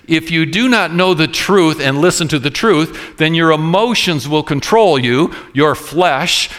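A man delivers a sermon from the pulpit. His voice sits a little high for a man. He repeats key phrases and slows right down to stress them. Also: a bit bright. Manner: preaching with sudden slowed emphasis and repeated phrases. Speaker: pastor. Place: church room with congregation.

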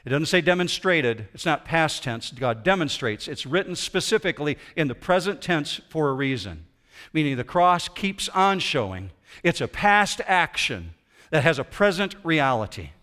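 A man preaching a sermon as pastor in a church auditorium, swinging between loud emphasis and quiet intensity. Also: fairly high pitch, animated, moderate pace.

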